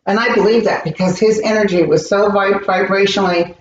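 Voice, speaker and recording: A woman's voice: mid-range voice, fairly quick, slight background noise. Earnest woman medium in a roomy room. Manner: earnest, animated storytelling. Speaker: psychic medium guest. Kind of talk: interview conversation. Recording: roomy, distant, dull recording.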